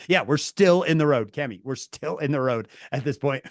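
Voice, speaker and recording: A man telling a story to his viewers, animated and laughing through his words, calling on chat by name. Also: a little high, normal speed, few pauses, no room sound, studio quality. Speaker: streamer talking to viewers. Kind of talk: casual storytelling.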